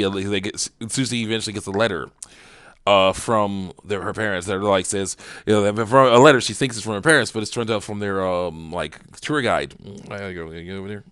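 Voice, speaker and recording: A man's voice: on the low side, a bit bright, clear, resonant tone, no echo, studio quality. A man giving a casual cartoon review, rambling with lots of fillers and chuckles.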